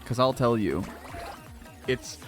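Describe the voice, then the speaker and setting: A man's voice: medium pitch, lively intonation, takes it slowly. A man streaming a video game in a casual, rambling way, swearing often and laughing a lot. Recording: faint game music behind.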